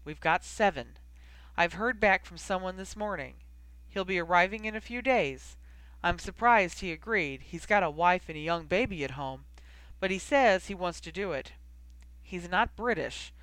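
A storybook narrator voicing an eager, excited young man, louder and livelier than the narration. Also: medium pitch, moderate pace, clear, resonant tone, dry recording, lightly acted.

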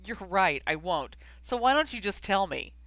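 Brief: soft-spoken curious young man read by a narrator, mild and friendly. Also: mid-range voice, big pitch swings, moderate pace, no room sound. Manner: gentle and curious.

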